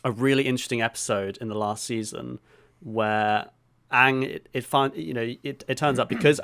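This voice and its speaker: A man in a middle-pitched voice explains things at length on a podcast. He keeps a steady, casual flow, with the odd "um" and a swear word. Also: creaky, clean tone. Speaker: podcast co-host.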